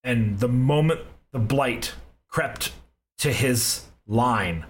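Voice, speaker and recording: A man as game master, narrating a tabletop game in deliberate storytelling with pauses. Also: medium pitch, low-quality recording.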